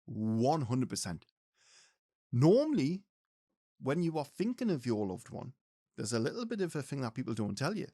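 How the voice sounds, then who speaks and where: A man's voice: medium pitch, darkish tone, no echo, clean studio sound. A man teaching mediumship, speaking earnestly and directly to his listeners. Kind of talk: spiritual teaching talk to viewers.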